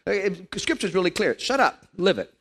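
A man in his fifties preaching a lively, joking sermon to a congregation in a church. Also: high voice, a little fast. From Canada. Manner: animated, joking, playful put-on voices.

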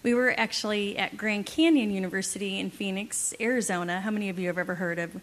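A woman telling an amused, lively story to an audience alongside her husband. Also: medium pitch, quick pace. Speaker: wife co-presenting with her husband.

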